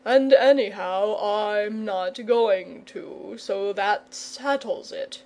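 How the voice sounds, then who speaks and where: A woman's voice: mid-range voice, extremely slow, darkish tone. A woman voicing a nervous, polite, stubborn male dragon in a storybook reading. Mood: genial, fussy. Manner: polite, fussy and coy.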